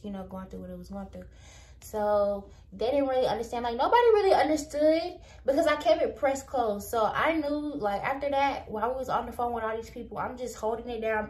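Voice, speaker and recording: A young woman tells a storytime vlog in an animated rush, full of "like" and "I'm like." Her voice sits at a middle pitch. The room around her is echoey. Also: distant mic. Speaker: vlogger.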